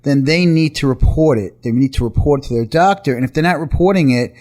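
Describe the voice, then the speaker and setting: A man hosting a talk radio show from a studio, an attorney who talks briskly and upbeat, often over his guests. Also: on the high side, a little mellow. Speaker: radio show host, personal injury attorney.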